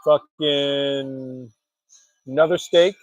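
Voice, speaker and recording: A man's voice: medium pitch, fairly even intonation, very slow, no room sound, poor audio. A man hosting a casual wrestling chat show, rambling and joking with lots of swearing. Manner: rambling, profane, jokey. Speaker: podcast host.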